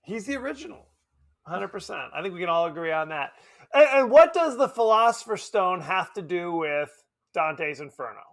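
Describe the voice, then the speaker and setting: A man with a notably high, bright voice chats through a casual film review as podcast co-host. His pitch swoops widely as he jokes and pokes fun at himself, keeping things lively. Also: moderate pace. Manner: animated, joking, self-deprecating.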